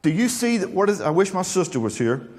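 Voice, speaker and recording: A man's voice: high voice, very animated, brisk, a little mellow, long reverb tail. A male pastor preaching a sermon, folksy and joking, then earnest and emphatic.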